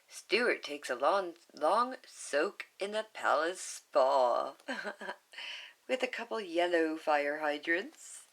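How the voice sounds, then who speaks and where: A woman's voice: low-pitched, a bit bright. A woman reading a picture book aloud to viewers, with chatty, giggly asides. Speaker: storybook reader.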